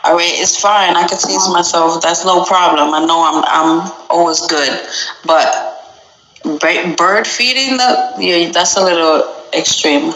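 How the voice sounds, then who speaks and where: Woman, podcast host, frank, laughs a lot, slightly low, slow. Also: fairly bright tone. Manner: blunt, frank, laughs often. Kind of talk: casual chat, reading listener stories. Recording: roomy echo.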